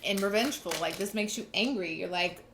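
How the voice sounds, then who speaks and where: A woman's voice: mid-range voice, brisk, background noise. A young woman giving a casual, earnest tarot reading, talking emphatically and restarting often. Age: young adult. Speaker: tarot reader.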